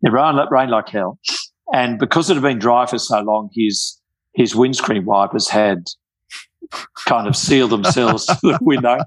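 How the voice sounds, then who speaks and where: An older man, telling travel stories in casual chat, with many halting restarts. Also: mid-range voice, breathy edge, no echo, low-quality recording. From Australia.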